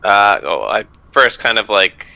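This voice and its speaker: Slow, gravelly-voiced man player. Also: fairly low pitch, expressive, sharp tone, dry recording, low-quality recording. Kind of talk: tabletop role-play.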